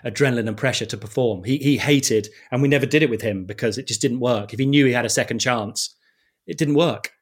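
This is a middle-aged man who presents sport on television. He talks in a mid-range voice. He tells lively stories in conversation and laughs at himself along the way. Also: mid-range voice, quick pace, slightly rough. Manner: animated anecdotes with self-deprecating laughs. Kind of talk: conversational interview storytelling.

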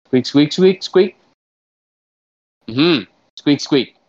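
A man voicing a haughty, menacing squirrel prince who speaks only in chattering squeaks, in a comedy sketch. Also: animated, darkish tone, lo-fi sound, full character voice. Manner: chattering squeaks in quick bursts.

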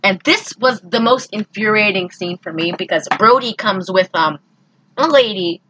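A woman co-hosting a casual podcast, recapping a movie in an animated, exasperated way. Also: medium pitch, normal speed, a little hiss or hum, poor audio. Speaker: podcast co-host.

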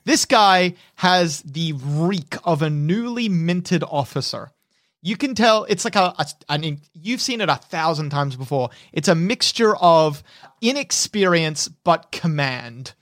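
Animated man running a tabletop game. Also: fairly high pitch, unhurried, dry recording, studio quality. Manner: vivid, animated narration with sound effects. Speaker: game master.

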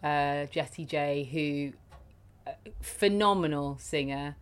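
A woman's voice: sits low, slow, clean tone. A woman interviewing a guest in a casual, enthusiastic way.

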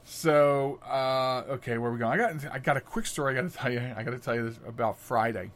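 A middle-aged man hosting a podcast, telling stories casually, chatty and animated, often laughing. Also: medium pitch, fairly quick. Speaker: podcast host. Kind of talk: casual storytelling monologue.

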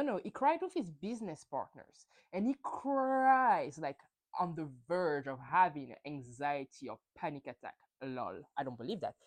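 A woman hosting a podcast, giving an opinionated, casual recap of a reality TV episode and acting out quotes from the cast. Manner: animated, opinionated, acts out quotes with big swings in pitch. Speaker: podcast host.

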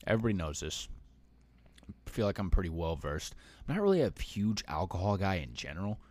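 A young man with a low voice talks fairly quickly on a dry recording. He co-hosts a podcast, telling stories animatedly in casual chat and swearing freely.

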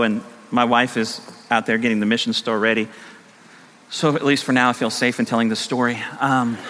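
A man's voice: mid-range voice, bright, forceful tone, slight background noise. A middle-aged male pastor preaching a sermon with emphatic, repetitive phrases that swell and drop. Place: church sanctuary. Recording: long reverb of a large hall.

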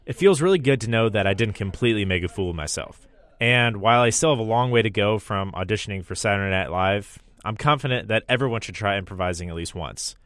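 A man's voice: on the low side, expressive, fast talker, fairly bright tone, no echo. A man hosting a radio segment, narrating in a scripted, wry, self-deprecating way.

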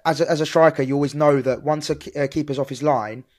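A man's voice: on the high side, steady tone. A man co-hosting a football podcast, chatting eagerly with lots of restarts. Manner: eager, quick, many restarts. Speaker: podcast co-host. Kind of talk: casual football chat.

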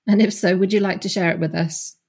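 A woman's voice: fairly low pitch, steady tone, fairly quick, gravelly, a little mellow, breathy edge. A woman hosting a podcast, chatting casually and hesitantly, with many ums and restarts. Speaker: podcast host. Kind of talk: casual interview chat.

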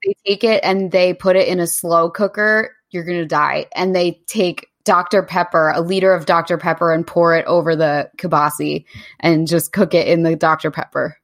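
A woman's voice: lowish voice, fairly even intonation. Chatty woman podcast host. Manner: chatty, enthusiastic, quick asides. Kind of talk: casual podcast chat.

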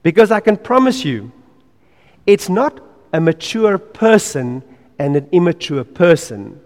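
A man's voice: sits high, very animated, a little slow. Earnest preacher man in an echoey hall. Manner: earnest and emphatic, repeating key phrases, dropping to quiet asides. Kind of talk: sermon.

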